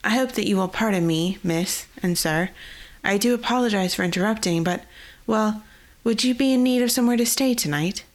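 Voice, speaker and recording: A woman voicing a nervous male camp guard with a soft, scratchy voice, hesitant and apologetic. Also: mid-range voice, brisk, lightly acted. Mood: timid.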